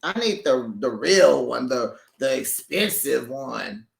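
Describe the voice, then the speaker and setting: A recap YouTuber chatting casually about a reality show, laughing often and talking with lively slang into a microphone held back from the mouth. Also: medium pitch, slow, vocal fry, reverberant. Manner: laughs often, gossipy and animated, uses slang. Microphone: USB microphone held back from the mouth.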